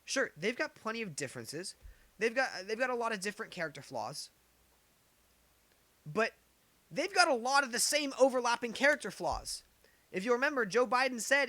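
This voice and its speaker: A man's voice: very high-pitched, sing-song, normal speed, bright, forceful tone, no room sound. A man giving opinionated political commentary, getting heated, firing off rhetorical questions and repeating his points. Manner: heated, gets worked up.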